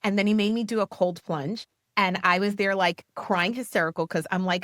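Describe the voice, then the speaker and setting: A woman in her forties co-hosting a podcast, telling stories in a lively, casual way, full of "you know" and "like.". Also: mid-range voice, a little fast, no echo, studio quality. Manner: animated storytelling, many "you know" and "like" fillers. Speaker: podcast co-host. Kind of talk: casual conversational interview.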